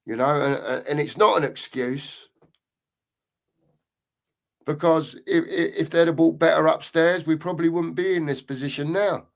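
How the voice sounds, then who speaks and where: A man's voice: fairly high pitch, fairly even intonation, normal speed, creaky. A man hosting a casual livestream, reading out viewer comments and bantering with them by name. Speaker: host.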